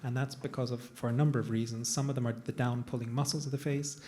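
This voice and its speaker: A man's voice: medium pitch, steady tone, quick pace, dark tone, slight background noise. A man, a plastic surgeon, talking casually on a panel to a live audience, digressive and self-deprecating. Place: event room with an audience.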